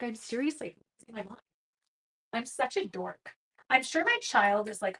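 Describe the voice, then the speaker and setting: A woman's voice: medium pitch, animated, slow pace, long pauses, sharp tone, a little hiss or hum, poor audio. Middle-aged woman, livestream craft host, chatty and rambling, talks straight to her viewers. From Canada. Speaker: card-making livestream host. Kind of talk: casual chat while crafting.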